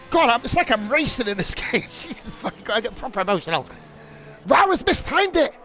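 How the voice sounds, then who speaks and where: A young man streaming live sim-racing commentary, excitable and rambling, swearing freely and going off on rants. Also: very high voice, fairly quick, faint music behind. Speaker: league streamer and race commentator.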